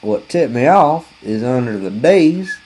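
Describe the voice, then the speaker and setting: A man's voice: medium pitch, lively intonation, unhurried, a little mellow, slight background noise, poor audio. A man, telling a rambling, folksy, profane comic story full of fillers.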